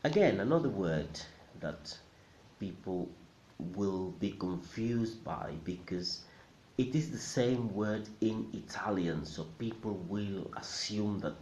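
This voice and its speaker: Deep-voiced teacher, patient and repetitive, faint hiss behind. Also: male voice, animated, a little mellow. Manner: careful, repeats words slowly for learners. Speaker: Spanish teacher. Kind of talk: pronunciation lesson. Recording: roomy, slightly dull recording with faint hiss.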